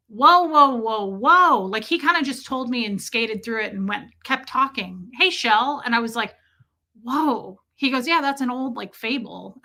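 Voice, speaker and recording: Speaking into a streaming microphone, a woman with a clear, bright, slightly high voice casually works through her viewers' comments. Her manner is talkative and reflective, and she lingers on key phrases to stress them.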